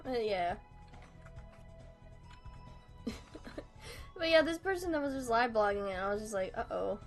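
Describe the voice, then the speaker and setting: A woman's voice: a little high, animated, brisk, soft background music. A young woman chatting casually on a live stream while drawing, swearing freely and laughing through her sentences. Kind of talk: casual livestream chat.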